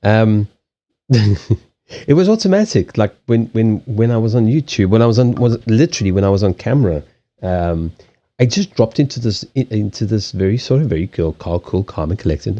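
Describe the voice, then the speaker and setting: With a warm, lowish voice that is expressive and a little fast, a card-reading live streamer chats from his small-home desk. He rambles, restarts repeatedly and swears freely, and the stand-mounted desk mic yields dull audio.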